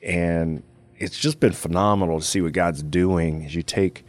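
A man's voice: low voice, steady tone, moderate pace. A man from Louisiana with a Cajun accent, hosting a casual radio and podcast chat, talking loosely with lots of "you know". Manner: conversational, rambling with frequent "you know".

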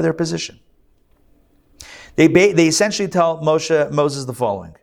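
Animated, conversational male rabbi teaching. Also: fairly high pitch, moderate pace, creaky, pauses often. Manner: conversational, animated, frequent fillers and restarts. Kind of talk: live lecture on scripture.

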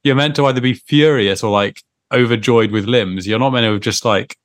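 A man's voice: mid-range voice, a little fast, no echo, studio quality. A man co-hosting a casual football podcast, chatty and joking, with trivia asides. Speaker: podcast co-host. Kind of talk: casual chat.

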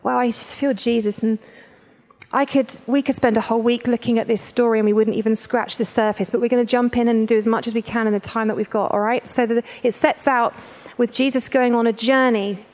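A woman's voice: fairly high pitch, fairly even intonation, a little fast, darkish tone. A woman preacher giving a sermon in an emotional, emphatic, conversational way, repeating points for emphasis.

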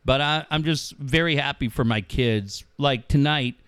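A middle-aged man co-hosts sports radio, chatting casually at a measured pace in a clear, resonant, medium-pitched voice with no room sound. He's an animated storyteller who acts out quotes and swears freely.

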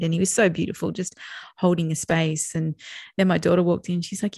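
A woman's voice: on the low side, steady tone, a little fast, vocal fry, no room sound, studio quality. A middle-aged woman, co-hosting a podcast and talking candidly and reflectively about her feelings. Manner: warm, reflective, open about feelings, laughs often. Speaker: podcast co-host. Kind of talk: casual chat.

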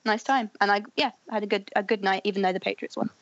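Fast-talking young woman on a dull line. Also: mid-range voice, steady tone, a bit bright, no echo. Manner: chatty, filler-heavy, friendly. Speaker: podcast guest, fan. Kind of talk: casual podcast interview.

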